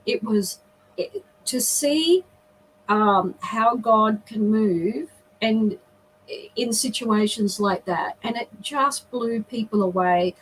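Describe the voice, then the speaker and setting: A woman's voice: a little high, a bit bright, slight background noise, low-quality recording. A middle-aged woman, a guest on a video call, earnestly telling a personal story with emotion and frequent restarts.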